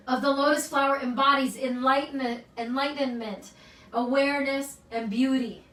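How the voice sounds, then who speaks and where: A woman who owns a gym gives her members an earnest, emotional pep talk, often ending lines with "right?". Her voice is high and fairly bright, and the sound is roomy, picked up from a distance.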